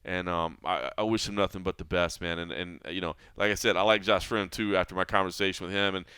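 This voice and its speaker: A man hosting a fight podcast in casual chat, voice low and bright with a forceful edge. He speaks smoothly and resonantly, earnest and reflective, often restarting his sentences. The sound is dry and close. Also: steady tone, fast talker, no room sound. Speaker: podcast host. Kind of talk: casual MMA podcast talk.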